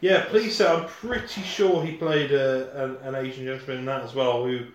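A man's voice: medium pitch, moderate pace, roomy sound, slight background noise. A man chatting casually, with a hesitant delivery full of fillers. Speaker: podcast co-host. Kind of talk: casual banter.

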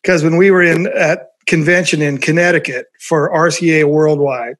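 A man's voice: a little high, steady tone, normal speed, a bit bright. A man recounting an anecdote from his record promotion days in casual conversation, laughing often as he tells it. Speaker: former record label promoter.

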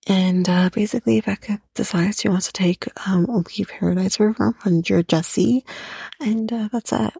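A woman's voice: mid-range voice, steady tone, normal speed, creaky, warm tone, breathy edge, dry recording. A young woman hosting a podcast, recapping a reality show in a profane, opinionated rant. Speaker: podcast host.

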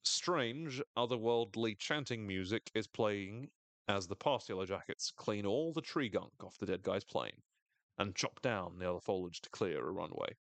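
A man casually recapping a TV episode on a podcast, animated, sweary and wry. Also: fairly low pitch, moderate pace, no echo.

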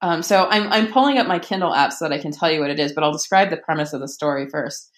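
Chatty, lowish-voiced woman author. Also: fast talker. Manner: chatty and enthusiastic, many ums and restarts. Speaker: author and podcast guest. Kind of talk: casual conversational interview.

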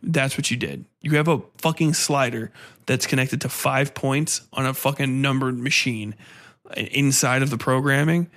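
A man's voice: medium pitch, normal speed, a bit bright. A man hosting a podcast alone, ranting casually and animatedly, swearing often and restarting his sentences. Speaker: podcast host. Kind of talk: casual solo podcast rant.

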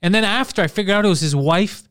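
A man's voice: sits high, fast talker, a bit bright, clear, resonant tone, dry recording, studio quality. A man co-hosting a podcast, telling stories in casual comedic chat, acting out quotes and swearing freely. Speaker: podcast co-host.

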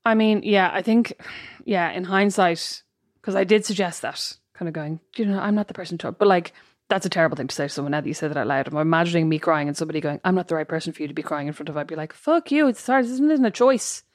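A woman co-hosting a casual chat, quick and teasing. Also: sits low, steady tone, dry recording, studio quality.

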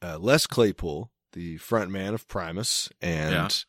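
Wry, rambling man with a lowish voice. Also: slow, a bit bright, no echo, studio quality. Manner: rambling and wry, with frequent fillers and restarts. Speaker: podcast co-host. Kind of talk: casual chat.

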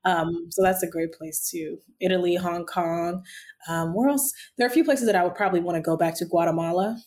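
A woman raised in Texas, a travel vlogger chatting as an interview guest and telling lively stories with frequent laughter. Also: lowish voice, fairly quick. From born in Nigeria, raised in Texas. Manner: animated storyteller, laughs often. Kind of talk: casual interview chat.

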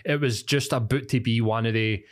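A young man with a Glaswegian accent, co-hosting a podcast and telling animated, sweary stories in casual chat. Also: mid-range voice, moderate pace. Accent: Scottish, Glaswegian. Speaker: podcast co-host.

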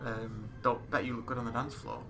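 A man in his thirties chatting casually on a podcast, animated and quick to swear and laugh. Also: medium pitch, vocal fry. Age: 30s. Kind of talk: casual chat.

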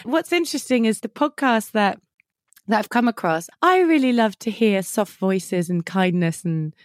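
A woman's voice: mid-range voice, animated, moderate pace, dry recording, studio quality. A woman chatting as a podcast guest, enthusiastic and gushing. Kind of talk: casual chat.

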